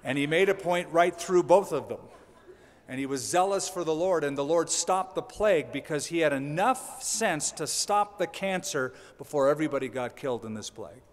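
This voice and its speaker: A man preaches in an easy, conversational manner and slips in dry jokes. His voice sits somewhat high for a man. The long reverb of a large hall trails after his words. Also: expressive, moderate pace. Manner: conversational, with dry humorous asides. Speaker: pastor. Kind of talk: sermon.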